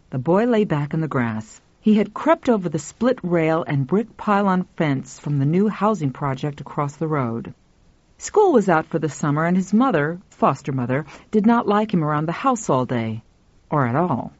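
Woman narrating a short story, animated. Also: low voice, moderate pace, no echo, lo-fi sound. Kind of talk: audiobook narration.

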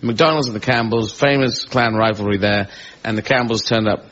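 A male radio host interviewing a guest in a chatty, jokey way, rambling through quick asides. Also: fairly low pitch, a bit bright. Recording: dull lo-fi radio audio.

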